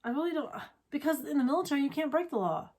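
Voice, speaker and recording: A woman's voice: high voice, lively intonation, a little mellow. A woman co-hosting a casual chat, cutting in with teasing questions. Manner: teasing, quick interjections. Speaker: co-host.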